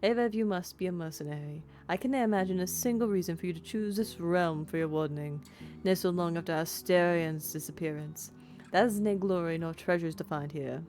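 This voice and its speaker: A woman voicing a cool, polite upper-class woman mayor in a put-on British accent, reading game dialogue aloud in a measured, formal way. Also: fairly low pitch, a little mellow, faint music behind, lightly acted. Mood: probing.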